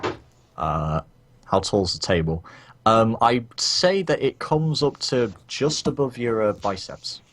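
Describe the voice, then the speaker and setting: A man's voice: medium pitch, very animated, unhurried, fairly bright tone. A man running a tabletop game, narrating scenes in a rambling second-person way. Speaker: game master.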